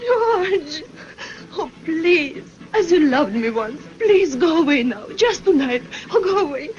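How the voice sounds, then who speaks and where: A woman's voice: sits high, sing-song, slow, darkish tone, lo-fi sound, full character voice. An actress playing Nana, a fragile young woman who pleads in a tremulous, breathless way, in 1930s film acting on an old soundtrack. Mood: pleading.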